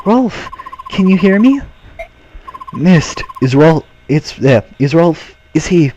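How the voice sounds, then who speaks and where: A man's voice: fairly high pitch, sing-song, slow pace, dark tone, dull audio, slight background noise, voice pushed up. Man voicing an earnest young mercenary hero.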